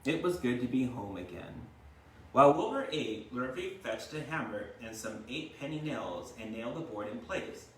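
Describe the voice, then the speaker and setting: A man's voice: medium pitch, animated, normal speed. Chatty man reading a storybook, echoey. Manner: chatty, explains words, tags lines with "right?". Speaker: teacher. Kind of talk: reading a storybook aloud to a class. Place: home kitchen. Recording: echoey room, mic far off.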